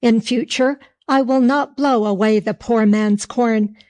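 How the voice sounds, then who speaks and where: A woman voicing a stern male giant who is the wind, in slow archaic speech. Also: fairly high pitch, fairly even intonation, darkish tone, lightly acted.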